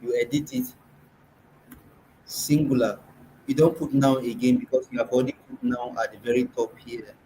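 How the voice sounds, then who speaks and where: A man with a Nigerian accent leads a classroom lesson at a middle pitch. He patiently quizzes his students and sounds words out for them, while a faint room hum sits behind him. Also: expressive, normal speed, long pauses, dark tone, poor audio. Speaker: language workshop teacher.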